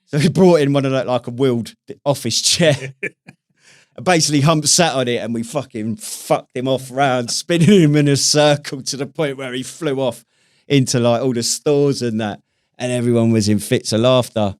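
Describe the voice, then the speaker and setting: A British man co-hosts a podcast and tells stories in a relaxed, chatty way. His banter is full of swearing and laughter. His voice sits at a middle pitch, and the sound is dry and close to the mic. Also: normal speed, no echo. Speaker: podcast co-host. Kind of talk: casual chat.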